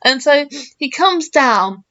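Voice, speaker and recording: A woman's voice: high voice, animated, slow pace, sharp tone. A woman in her early twenties, telling a story to camera in a chatty, rambling way full of fillers and restarts. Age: early 20s. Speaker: gaming channel host. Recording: slightly muffled lo-fi mic.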